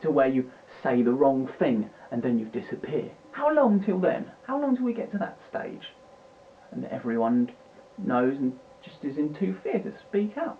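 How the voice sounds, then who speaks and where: A man's voice: mid-range voice, big pitch swings, normal speed. A British man ranting and swearing in a rambling, agitated way, recorded at home at his computer. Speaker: vlogger. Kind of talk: unscripted political rant. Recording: tinny lo-fi mic with faint hiss.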